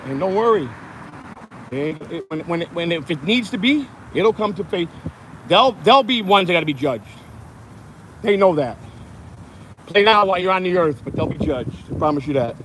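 A man's voice: high-pitched, animated, moderate pace, long pauses, a bit bright, a little hiss or hum. A man hosting a livestream, ranting angrily and profanely while walking outside on his phone. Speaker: host. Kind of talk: angry livestream rant. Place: outdoors, walking in hot sun.

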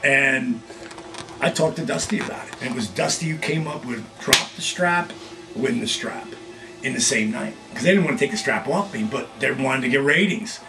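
A middle-aged man hosting his own video blog, telling casual stories with lively acted-out quotes. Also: mid-range voice, moderate pace, gravelly. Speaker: vlog host, former wrestler. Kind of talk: casual storytelling.

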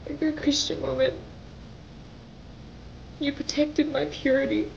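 A young woman speaks straight to the camera in a high, slow voice, pleading and tearful. Her voice breaks as she cries at times. The recording is dull and lo-fi, with a faint rumble underneath. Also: little pitch movement, vocal fry. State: crying at times. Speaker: vlogger. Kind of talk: emotional direct-to-camera message.

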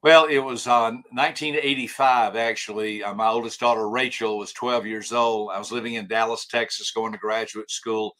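Bright, animated older man telling a story. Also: on the low side, moderate pace, hardly any pauses. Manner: animated storyteller, acts out quoted dialogue, many restarts. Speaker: guest, author and trainer. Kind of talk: storytelling in a podcast interview.

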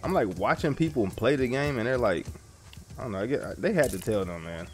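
A man's voice: mid-range voice, lively intonation, fairly quick. A man streaming a game in casual commentary, jumpy and easily startled, talking in slang to his viewers. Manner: jumpy, swears and laughs when startled; casual slang, addresses viewers as bro and y'all. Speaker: gaming streamer. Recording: game music in the background.

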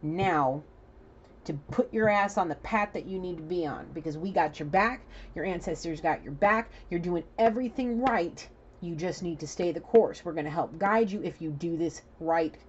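A woman's voice: fairly low pitch, moderate pace, a little mellow, dull audio, a little hiss or hum, natural voice. A woman voicing a stern male sheriff ancestor spirit with a Southern drawl, giving blunt, commanding warnings.

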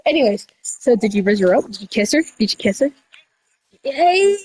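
A woman doing casual game role-play over voice chat, rambling with restarts and breaking into sudden high shouts. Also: quick pace, slight background noise, low-quality recording. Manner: rambling, with many restarts and y'all. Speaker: roleplayer running a candy store character.

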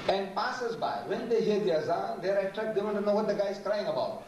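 A man gives an animated, humorous public lecture and sometimes mimics other voices. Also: sits high, moderate pace, pauses often. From South Africa. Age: 70s. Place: large lecture hall. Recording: echoey hall, distant mic, noisy.

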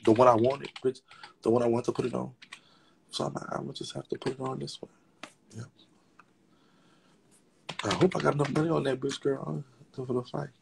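A man hosting a casual gossip livestream, talking in a sassy, chatty, profane way with a raspy voice. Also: mid-range voice, level tone, brisk, long pauses, background noise. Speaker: livestream host.

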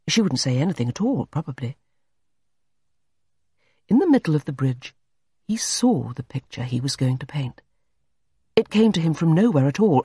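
An audiobook narrator reading a classic story with expressive, scripted delivery. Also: medium pitch, husky, dry recording, studio quality.

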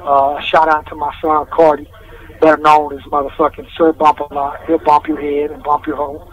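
A man's voice: on the high side, completely flat delivery, normal speed. A man calling in from jail, rambling through a story in casual street slang with heavy swearing. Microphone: phone call. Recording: distant, noisy phone line from jail.

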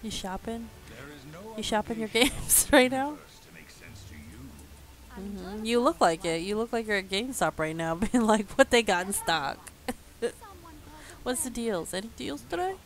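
A woman's voice: on the high side, expressive, a little slow, pauses often. A woman streaming a video game, chatting casually, teasing someone in the room and laughing often. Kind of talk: casual gameplay chat.

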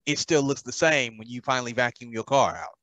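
A man's voice: mid-range voice, brisk, fairly bright tone, no room sound. Dry-witted man teasing his co-host. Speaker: podcast co-host. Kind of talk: casual podcast banter.

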